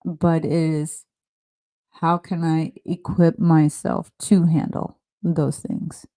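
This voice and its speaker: Earnest middle-aged woman, podcast host, low mellow voice, halting and reflective. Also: level tone. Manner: earnest, halting, restarts often. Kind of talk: casual heartfelt conversation.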